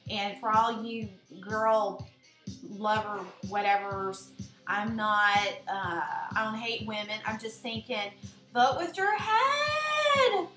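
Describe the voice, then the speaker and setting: A woman giving a blunt, animated casual rant to the camera as a vlogger. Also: medium pitch, slow, echoey room, faint music behind.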